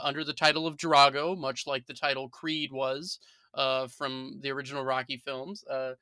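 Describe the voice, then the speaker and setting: A man's voice: a little high, pushed and bright, no echo, clean studio sound. A man talking as a guest on a film podcast in a chatty way, with many uhs and restarts. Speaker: podcast guest and news writer. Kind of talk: casual podcast chat.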